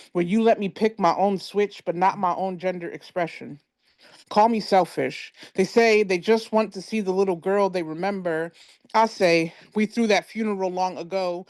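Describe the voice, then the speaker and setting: Woman poet, spoken word reading, measured pointed delivery, lower pitch, dry video call audio. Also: no room sound.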